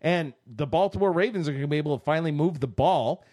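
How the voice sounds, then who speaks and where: A man with a slightly higher voice tells sports stories with animated flair, acting out the quotes. The sound is close and dry, with no room around it. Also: fast talker, no room sound. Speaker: sports talk co-host. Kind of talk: casual sports chat.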